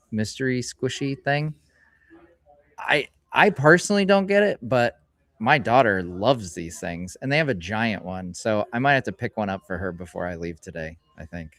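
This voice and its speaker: A middle-aged man hosts a casual live stream from a hobby store and rambles along as he opens packs. His voice sits at an ordinary middle pitch, and he slows down to read out each card name. The sound is close and dry, with little room echo. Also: a bit bright. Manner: chatty and rambling, reads card names aloud in a slowed voice. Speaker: streamer host.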